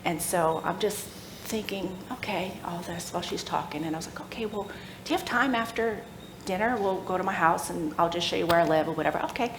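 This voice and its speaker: A middle-aged woman telling a personal faith story at a church workshop, animated and laughing as she acts out the voices of people in the story. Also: fairly low pitch, fairly quick, hardly any pauses, background noise. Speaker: workshop speaker. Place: church room. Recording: echoey room with faint ambience.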